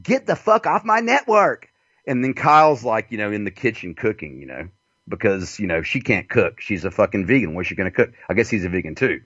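A man's voice: low-pitched, expressive, fast, a bit bright, husky, no echo. A man with a Southern US accent hosting a radio show, rambling through a profane comic monologue and laughing often. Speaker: radio host. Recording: dull lo-fi dry sound.

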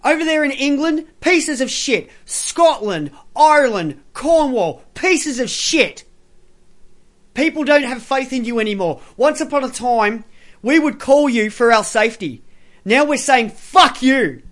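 A man's voice: very high-pitched, lively intonation, unhurried, fairly bright tone. A man doing reaction commentary, swearing with contempt and cheering on the clips he plays. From Australia. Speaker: commentary streamer.

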